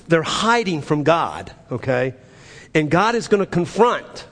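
A man preaching a sermon with a slightly high voice. He is emphatic, pushing up to urgent peaks and falling to low, quiet asides. His voice rings with the long reverb of a large church hall. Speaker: pastor.

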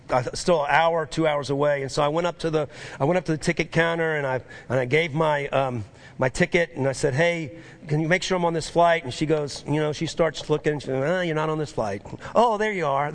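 A middle-aged man preaching a sermon, telling a travel story with quoted voices and building to fervent, lively preaching. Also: on the high side. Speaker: pastor.

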